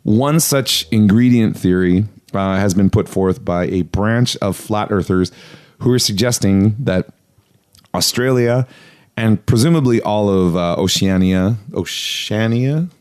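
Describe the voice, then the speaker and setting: A man's voice: on the low side, measured pace, darkish tone, smooth. A man hosting a podcast in casual chat, joking and rambling with frequent restarts. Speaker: podcast host.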